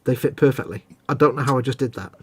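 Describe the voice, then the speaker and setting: A man's voice: medium pitch, fast, husky. Chatty man hosting a hobby stream. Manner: chatty, self-deprecating, narrating his work. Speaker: host. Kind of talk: casual live-stream chat while building a model kit.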